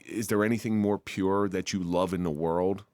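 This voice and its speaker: A man's voice: sits low, steady tone, normal speed, darkish tone, no echo. A man hosting a podcast, talking earnestly and reflectively with his guest. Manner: earnest, reflective, shares his own loss. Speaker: podcast host. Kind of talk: conversational interview.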